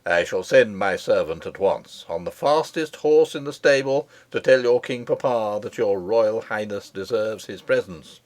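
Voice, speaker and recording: A man's voice: fairly low pitch, a little slow, few pauses, close to an everyday voice. A man voicing a courtly knight captain who speaks with commanding gallantry.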